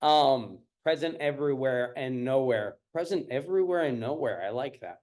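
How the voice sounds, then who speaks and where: A man's voice: mid-range voice, moderate pace, a little mellow. A man teaching a live-streamed parenting class. He repeats his points and keeps checking in with the audience. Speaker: parenting coach.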